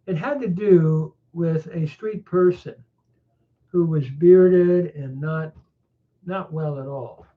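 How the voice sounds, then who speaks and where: A man teaching a Bible chapter verse by verse, reflective and unhurried, pausing often with small fillers. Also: fairly high pitch. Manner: reflective, with frequent pauses and fillers. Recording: tinny phone-like sound.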